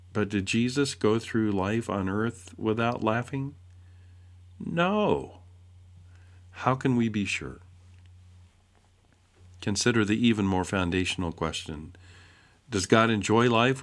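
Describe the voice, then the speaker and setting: A man reading a devotional essay aloud in a measured way, posing rhetorical questions. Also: lowish voice. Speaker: essay reader.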